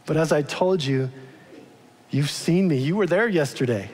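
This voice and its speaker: A man's slightly high, a little mellow voice moves at a moderate pace as he gives an informal, conversational sermon. He frequently questions his congregation, and the large church surrounds his words with long reverb.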